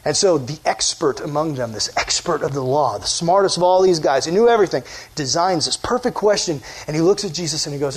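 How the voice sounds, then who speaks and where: Man, youth pastor, casual sermon, animated, quizzes listeners, slightly high voice. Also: brisk, breathy edge. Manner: animated, conversational, quizzes the audience.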